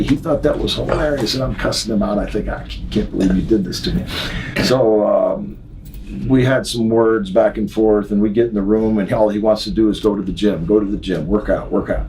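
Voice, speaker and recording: A man, a retired wrestler, telling a prank story in an animated way. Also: distant mic, slight background noise, low-quality recording. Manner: animated, gets loud and high when excited. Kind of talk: storytelling anecdote.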